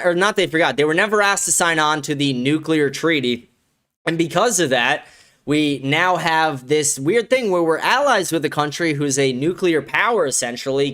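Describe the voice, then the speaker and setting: A man's voice: mid-range voice, a bit bright. A man hosting a political commentary livestream, ranting crudely and swearing often while answering his live chat. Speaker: livestream host.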